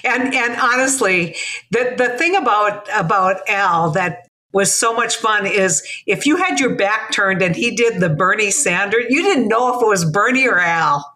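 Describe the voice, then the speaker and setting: Bright-voiced North Dakota woman. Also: medium pitch, expressive, a little slow. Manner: chatty, easy laughter. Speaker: guest. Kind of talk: casual chat.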